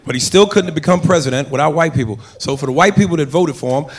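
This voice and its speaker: A man doing a stand-up routine on a comedy club stage, building up to shouted punchlines. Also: a little high, fast. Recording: roomy live club recording with audience.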